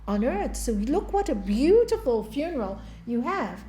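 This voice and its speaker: A woman voicing a male heavenly guide who speaks calmly and firmly, in a storytelling talk. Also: high-pitched, a little slow. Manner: calm, firm, instructive. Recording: echoey hall.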